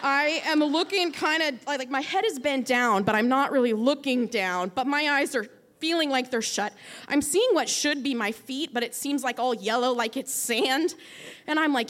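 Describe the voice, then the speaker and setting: High-voiced young woman telling a lively story. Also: normal speed. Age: 20s. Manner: animated, self-mocking, acts out voices with sudden loud bursts. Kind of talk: personal story, stand-up style.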